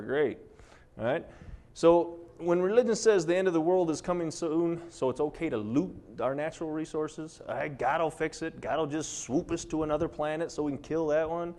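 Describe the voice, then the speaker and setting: A man giving a live presentation to an audience, animated and sarcastic, saying he gets fired up and charged up. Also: on the high side, moderate pace.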